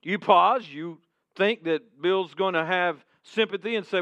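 A male preacher tells a sermon story in the second person and drops to a hush at key points. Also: high-pitched, measured pace, no room sound. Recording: dull, dry sound.

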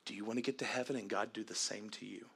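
A pastor delivering an earnest sermon on family and forgiveness, then leading a prayer in softer tones. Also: male voice, fairly low pitch, steady tone, quick pace, vocal fry, slightly rough. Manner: earnest preaching, dropping to soft prayerful tones.

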